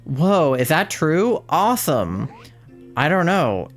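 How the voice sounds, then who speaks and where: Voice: medium pitch, big pitch swings, takes it slowly, faint music behind. A streamer giving casual gameplay commentary, playfully cheering the characters on.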